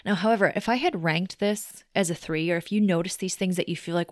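A woman hosts a solo self-help podcast in a somewhat low voice. She works through her points in a conversational, reflective way. The sound is dry, with no room echo. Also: fairly quick. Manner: conversational and reflective, explains step by step. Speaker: podcast host.

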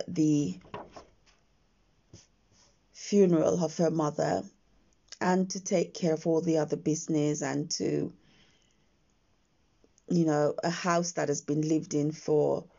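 Croaky, slow-talking woman podcast host. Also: low voice. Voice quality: croaky morning voice. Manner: slow, gentle, with frequent pauses. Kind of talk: slow reflective podcast monologue. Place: quiet house. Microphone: own phone. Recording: dull lo-fi phone recording.

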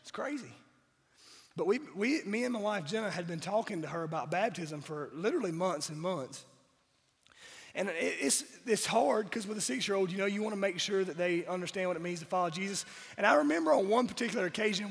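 A man, preaching a sermon with a high, gravelly voice. He keeps pressing the congregation with emphatic rhetorical questions. A long reverb trails his words through the church sanctuary. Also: brisk, fairly bright tone. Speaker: pastor.

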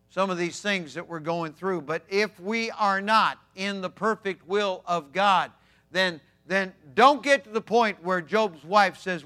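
Male pastor, high bright voice, emphatic sermon delivery with loud and soft swings.

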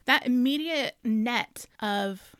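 A woman's voice: on the high side, takes it slowly, fairly bright tone, dry recording, studio quality. A woman co-hosting a podcast, talking through a novel in a reflective, earnest way. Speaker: podcast co-host. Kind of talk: casual book discussion.

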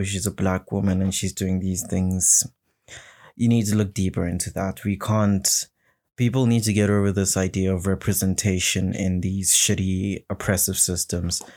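A man with a lowish voice rants alone into his podcast mic. He rambles and swears, and his anger builds as he talks. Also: darkish tone. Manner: rambling, heated, swearing, mimics others in mocking voices. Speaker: podcast host. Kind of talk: solo casual rant.

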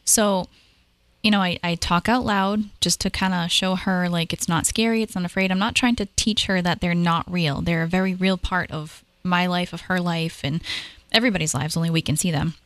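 Chatty low-voiced woman telling stories. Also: no room sound. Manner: animated, chatty, fast bursts with fillers. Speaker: paranormal investigator, guest. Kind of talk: casual storytelling conversation.

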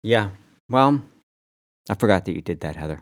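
A rambling, animated man in casual podcast chat, his low voice sitting right on the mic in a dead-dry room. He swears freely, circles back on himself and restarts sentences as he talks. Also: moderate pace, no echo. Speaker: podcast co-host.

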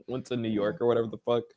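A male podcast co-host in casual chat, animated and ranting, swearing freely. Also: mid-range voice, a little fast, a little hiss or hum.

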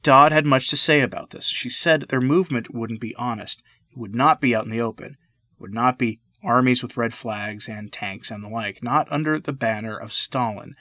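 A man hosting a podcast, reading scripted commentary in an earnest, measured, lecturing way. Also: mid-range voice, pushed and bright, no room sound. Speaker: podcast host. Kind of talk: scripted commentary read aloud.

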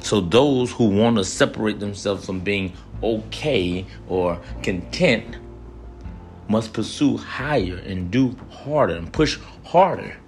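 A man's voice: fairly low pitch, lively intonation, slow pace, faint music behind. A man giving an earnest motivational speech, repeating phrases to drive his points home. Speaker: motivational speaker.

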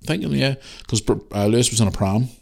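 A man in his thirties hosting a casual podcast, telling a story in an animated, ranting way and swearing freely. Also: mid-range voice, fast, vocal fry. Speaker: podcast host.

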